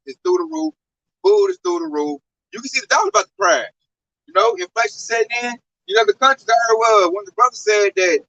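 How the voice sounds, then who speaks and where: A man's voice: high-pitched, bright, forceful tone. A man talking in a casual religious discussion, slangy and emphatic, acting out quotes in his own words. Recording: muffled lo-fi recording.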